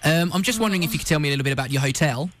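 A man's voice: a little high, lively intonation, racing, fairly bright tone, slight background noise. Brad, a man faking a chirpy Aussie bloke. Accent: put-on Australian, heard as British. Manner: cheery, laying on Aussie slang. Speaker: radio host doing a prank call. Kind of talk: prank phone call.

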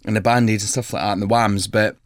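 A man's voice: on the low side, steady tone, quick pace, no room sound, clean studio sound. A man co-hosting a radio show, joking and rambling in casual chat. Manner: joking, rambling, does silly voices. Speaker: radio co-host.

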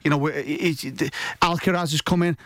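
A man working as a football pundit on a radio sports show, rattling off his points at a brisk clip in a fairly high voice. He keeps restarting his sentences as he goes. The studio sound is dry and close. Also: no room sound. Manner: rapid, animated, with frequent restarts.

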